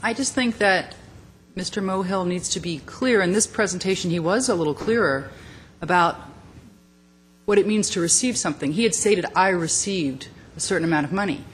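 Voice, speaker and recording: Female council member, lower voice, calm explanatory reply from the dais mic, faint room noise behind. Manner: measured, explanatory. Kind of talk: response at a council meeting. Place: city council chamber.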